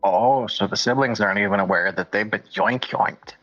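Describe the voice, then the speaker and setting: A man's voice: lowish voice, moderate pace, a bit bright, dull audio, soft background music. A man playing in a tabletop game, talking in a wry, joking way. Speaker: player. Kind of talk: casual tabletop game chat.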